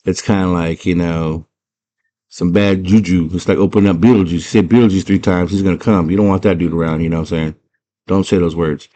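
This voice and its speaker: A man with a deep, low voice recaps a favourite film in casual slang. He tells it as an animated storyteller, looping back with "she's like" and side comments. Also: fairly quick. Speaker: movie fan retelling a film.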